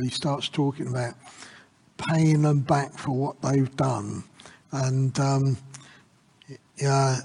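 A man giving an informal Bible reflection in an earnest, halting way. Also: a little high, a little mellow, in a large hall.

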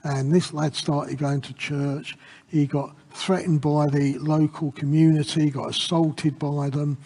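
A man giving an informal Bible reflection in an earnest, halting way. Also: fairly high pitch, flat delivery, gravelly, a little mellow, in a large hall.

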